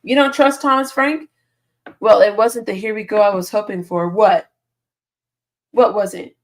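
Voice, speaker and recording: A woman's voice: mid-range voice, steady tone, measured pace. A woman hosting a casual live stream, reading viewer comments aloud and answering them with frequent laughs, sleepy and yawning. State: sleepy, yawning early in the morning. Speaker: football channel host reading live chat.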